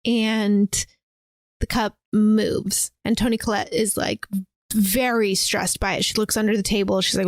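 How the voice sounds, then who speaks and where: A woman hosting a podcast, casually retelling a film in an animated way, acting out quotes and saying "like" a lot. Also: mid-range voice, measured pace, no echo. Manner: animated, acts out quotes, lots of "like". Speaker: podcast host.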